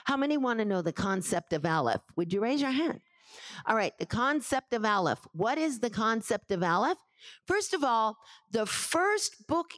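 Woman pastor, sermon, high voice, unhurried delivery, call-and-response with congregation. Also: no echo. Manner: calls for congregation responses, emphatic repetitions; rises to shouted preaching at climaxes. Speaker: pastor teaching scripture.

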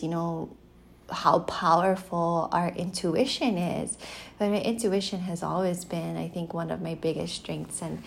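A woman's voice: on the low side, vocal fry. A woman in her thirties chatting casually on a podcast with her husband, laughing often and acting out quoted voices, recorded on a phone at home. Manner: giggly, animated storytelling with put-on quoted voices. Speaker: podcast co-host. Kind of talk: casual chat. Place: home in Hawaii.

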